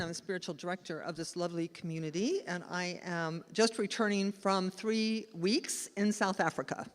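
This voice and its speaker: A woman minister giving a lively, chatty storytelling sermon at a live church service. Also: mid-range voice. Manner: chatty and animated, laughing as she tells the story. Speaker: spiritual director and minister. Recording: long hall reverb in a church.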